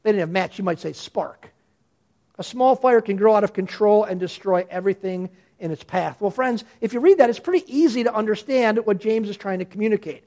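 A man preaching a sermon with a fairly high voice and animated delivery. He talks to his congregation conversationally, often restarting mid-sentence as he builds his point. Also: fairly quick. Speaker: pastor.

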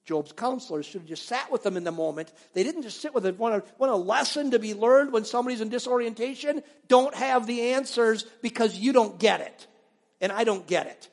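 High-voiced pastor preaching in a reverberant hall. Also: male voice, brisk, vocal fry. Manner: animated storytelling, acting out biblical voices, dropping to near-whispers. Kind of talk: sermon.

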